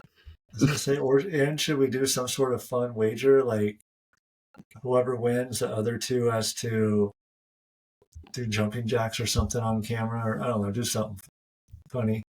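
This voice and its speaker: Husky-voiced man, laid-back co-host. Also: mid-range voice, little pitch movement, moderate pace, long pauses, a little mellow, poor audio. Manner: easygoing, upbeat, runs the segments. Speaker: podcast co-host. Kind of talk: casual chat among friends.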